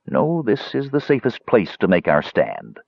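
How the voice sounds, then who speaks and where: Man doing a calm, somber half-elf. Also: fairly low pitch, gravelly, no echo, heavily acted. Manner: slow, steady and soothing. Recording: dull dry lo-fi recording.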